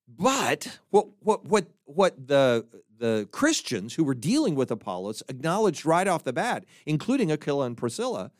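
Man, Bible teacher, fairly high voice, swooping animated pitch, dry close mic, repeats words while thinking. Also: no echo. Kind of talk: teaching talk to listeners.

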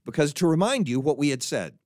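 A man's voice: a little high, big pitch swings, fairly quick, a little mellow, no echo, clean studio sound. A man teaching a Bible lesson, thinking aloud and often repeating words as he searches for the next one. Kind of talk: teaching talk to listeners.

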